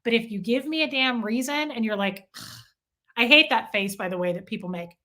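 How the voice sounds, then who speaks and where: A young adult woman chatting casually on a live stream, animated and self-deprecating, talking straight to viewers in the chat. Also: fairly high pitch, fast.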